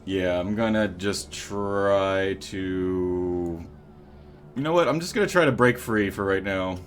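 A man's voice: low-pitched, takes it slowly. A man playing a tabletop game, thinking aloud hesitantly with many restarts. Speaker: player.

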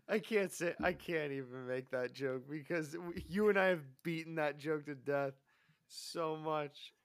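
A man's voice: a little high, takes it slowly. A man co-hosting a podcast in casual chat, wry and teasing, joking and sighing in reaction. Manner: wry and teasing, sighs and jokes. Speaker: podcast co-host.

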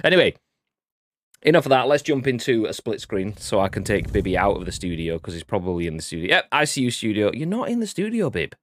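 Fast and lowish, with big swings in pitch, this man co-hosts a video game podcast, joking, bantering and swearing freely in casual live-stream chat. There's slight background noise.

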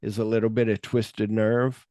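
A man's voice: fairly low pitch, normal speed, no echo, studio quality. A man co-hosting a podcast, chatting casually about a film, acting out scenes, swearing freely and humming the music cues. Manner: animated retelling, acts out scenes and hums music cues. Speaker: podcast co-host.

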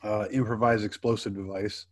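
A man in casual conversation, telling old army stories with animated acted-out quotes and frequent laughter. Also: fairly low pitch, normal speed. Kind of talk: casual storytelling chat.

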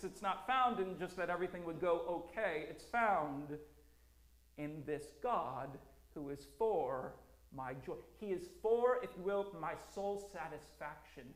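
A man preaching a sermon as a pastor, earnest and emphatic, with slow, deliberate phrasing and repeated lines. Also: high-pitched, fairly bright tone. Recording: roomy echo.

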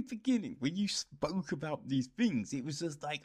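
A man's voice: a little high, sing-song, normal speed, darkish tone, slightly rough. A young man ranting casually about a TV show, exasperated, swearing and using lots of fillers. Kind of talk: casual rant review.

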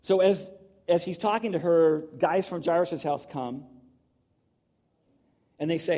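A man's voice: a little high, normal speed, long pauses, dark tone. A middle-aged man preaching in a conversational, emotional storytelling manner, full of restarts. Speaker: pastor. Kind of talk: sermon.

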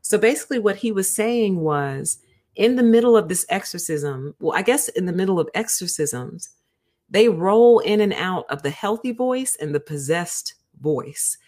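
A woman's voice: medium pitch, expressive, moderate pace, a little mellow. A woman hosting a book review livestream, chatting casually and talking straight to her viewers. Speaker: host of a book review show.

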